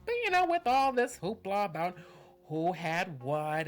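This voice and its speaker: A woman's voice: fairly low pitch, sing-song, a little slow, faint music behind. A woman hosting a podcast in a casual monologue, sassy and slangy, laughing often. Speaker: podcast host.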